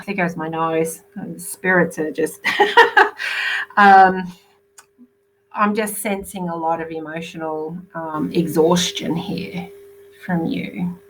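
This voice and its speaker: A soft-spoken Australian woman gives oracle card readings on a live stream, warm in tone and unhurried. Her voice sits slightly low and she drifts along with fillers and gentle laughs. A faint hum runs under the recording. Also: low-quality recording. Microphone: computer or phone mic on a live video call.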